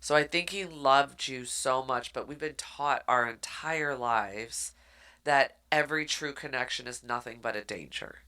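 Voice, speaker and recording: A coaxing male vampire suitor, as a woman lightly puts him on. He sounds matter-of-fact and reassuring. The tone is bright and forward. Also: very deep voice, unhurried, clean tone, heavily acted. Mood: earnest.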